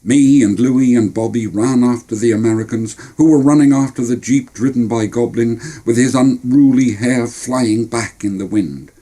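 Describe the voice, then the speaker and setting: A man's voice: mid-range voice, moderate pace, hardly any pauses, mellow. An older man with a Cornish accent telling wry, plainspoken stories of his childhood. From Cornwall. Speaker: storyteller. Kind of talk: storytelling memoir narration.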